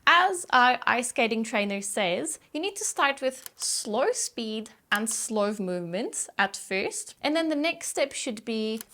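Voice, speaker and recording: A woman who grew up speaking Turkish teaches an online pronunciation lesson, saying each drill word slowly and carefully twice over. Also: a little high, big pitch swings, sharp tone.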